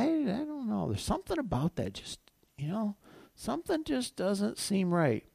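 A man preaching as a pastor, reading scripture aloud and repeating phrases for emphasis, rising higher on key points and dropping low and quiet when reflective. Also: gravelly, no echo, clean studio sound. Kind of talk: sermon.

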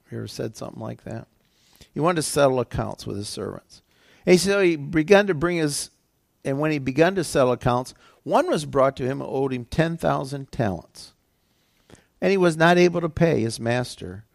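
Gravelly-voiced man preaching conversationally. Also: mid-range voice, expressive, brisk, no room sound, studio quality. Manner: conversational preaching, retelling scripture in everyday words. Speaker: pastor. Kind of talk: sermon.

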